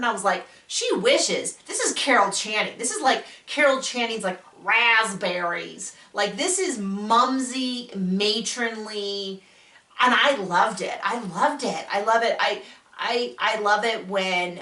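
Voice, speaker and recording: A woman hosting a casual spoken TV recap, chatty and enthusiastic, acting out quotes with sudden jumps in pitch. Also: bright, forceful tone, far from the mic. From United States. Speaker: podcast host reviewing a TV show. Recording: echoey room, voice a bit off-mic.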